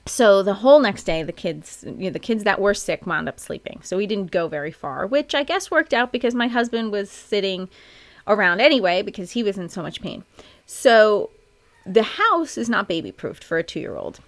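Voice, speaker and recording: A woman's voice: medium pitch, very animated, moderate pace. A woman in her thirties hosting a podcast, telling a personal story in a chatty, candid way with plenty of fillers. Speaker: podcast host.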